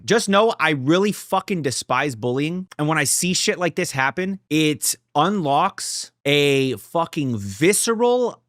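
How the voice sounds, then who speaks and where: A young man reacting to a show, cursing freely and getting worked up, his voice leaping up high and then dropping to low mutters. He sits fairly high for a man and sounds dry and close to the mic. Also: no echo. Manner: profane, heated and emphatic, swings between loud outbursts and low muttering. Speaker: reaction video creator. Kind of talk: casual reaction commentary.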